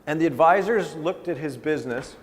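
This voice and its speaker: A man's voice: on the high side, brisk. Man, business consultant, conversational storytelling lecture, long hall reverb. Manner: conversational, checks in with "okay?" and "right?".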